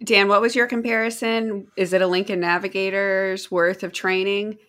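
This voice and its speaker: A woman co-hosting a casual podcast, joking with a lively manner. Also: medium pitch, moderate pace. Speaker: podcast co-host.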